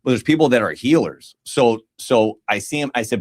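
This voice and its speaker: Medium-pitched and brisk, hardly stopping for breath, a man shares a story while co-hosting a podcast. The chat is casual and slangy, and he animatedly voices the things others said.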